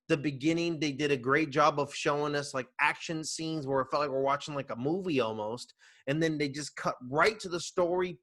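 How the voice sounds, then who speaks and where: Rambling podcast co-host, um-heavy. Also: male voice, on the high side, a bit bright. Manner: rambling, filler-heavy reviewing. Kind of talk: casual chat.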